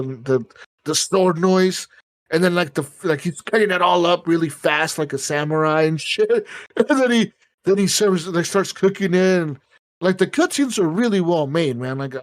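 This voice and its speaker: A man co-hosting a gaming podcast, chatting casually and rambling with lots of swearing, quickly acting out characters in asides. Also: a little high. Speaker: podcast co-host. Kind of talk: casual chat.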